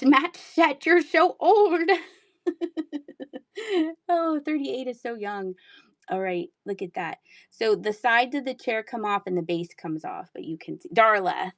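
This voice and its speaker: Speaking at a medium pitch with no echo in the audio, this thirty-something woman runs a live auction stream. She keeps things casual, talking to her viewers and laughing a lot.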